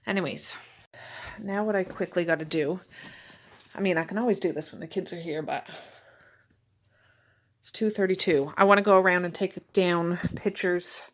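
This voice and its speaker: A woman with a slightly low voice talks easily to the camera from her home. She narrates her housework in a chatty, running commentary, as if talking to herself. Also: normal speed, pauses often. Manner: chatty, talking to herself while doing chores. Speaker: vlogger. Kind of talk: casual vlog narration. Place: at home indoors.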